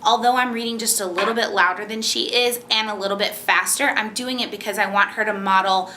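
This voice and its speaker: A woman's voice: mid-range voice, steady tone, fairly quick, sharp tone, slight background noise. A woman teacher explaining a reading method step by step, patient and encouraging, and reading a children's book aloud. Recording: echoey room.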